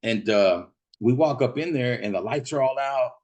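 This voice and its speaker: Profane man telling a rowdy story. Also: moderate pace. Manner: profane, laughing, acts out quotes in a shouting high voice. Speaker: podcast host. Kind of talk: casual storytelling.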